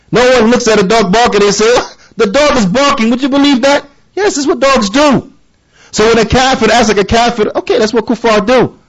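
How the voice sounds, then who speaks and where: A man with a fairly high voice preaches an earnest lesson. He stresses his points by repeating them and checks in with his listeners through quick rhetorical questions. His speech has a flavor. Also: low-quality recording. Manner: emphatic, repeats key phrases, asks listeners rhetorical questions. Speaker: religious teacher. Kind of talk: lecture-style sermon.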